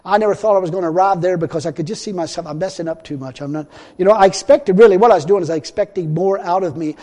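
A man preaching a sermon in a folksy way, repeating himself and swinging between loud and hushed. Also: sits high, quick pace. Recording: long hall reverb.

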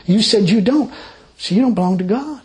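A man's voice: high-pitched, a little fast, low-quality recording. A man preaching an informal sermon, telling personal stories in a folksy, rambling way. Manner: folksy, rambling, animated storytelling with laughs.

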